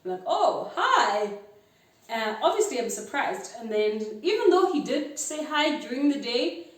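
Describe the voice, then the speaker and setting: A woman's voice: high-pitched, moderate pace. Chatty South African woman in her twenties. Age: 20s. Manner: animated, mixes isiXhosa phrases into English, acts out both sides of a chat. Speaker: vlogger. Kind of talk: casual storytime. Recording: echoey room, mic a bit far.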